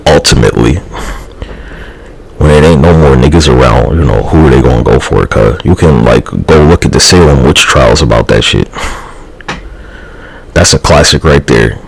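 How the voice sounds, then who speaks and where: A man with an extremely low voice holds forth on a live stream in a loose, rambling monologue. His words are heavy with profanity, and his voice has a gravelly rasp. A faint hiss of noise sits under the recording. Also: animated, normal speed, low-quality recording.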